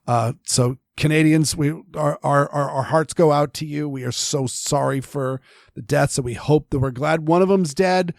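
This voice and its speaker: With a fairly high, creaky voice at a moderate pace, a man co-hosts a podcast, chatting loosely and restarting often amid fillers. The studio sound is clean, with no echo.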